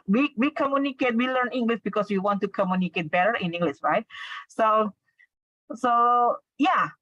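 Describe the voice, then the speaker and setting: A woman's voice: fairly high pitch, fairly bright tone, no echo. Indonesian woman teaching over a dull call. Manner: explanatory, checks in with tag questions. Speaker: English instructor. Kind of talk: online class lecture. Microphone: video call. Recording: dull lo-fi video call audio.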